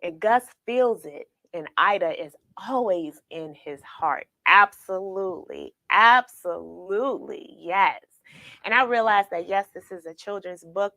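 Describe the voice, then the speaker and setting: A woman's voice: medium pitch, gravelly, fairly bright tone, dry recording. A woman hosting a children's read-along livestream, talking tenderly and emotionally to viewers she calls friends. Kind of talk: casual livestream chat after reading.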